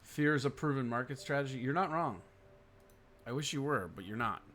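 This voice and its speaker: A man with a medium-pitched, fairly bright voice hosts a casual livestream, animated and brisk. He reads chat comments aloud and answers them bluntly, swearing a lot and often sighing and yawning.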